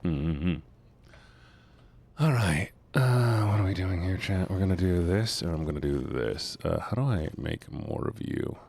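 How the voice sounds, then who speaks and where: Male streamer, joking and sarcastic, lively pitch with a gravelly edge, faint noise. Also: a little slow. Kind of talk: casual gameplay banter.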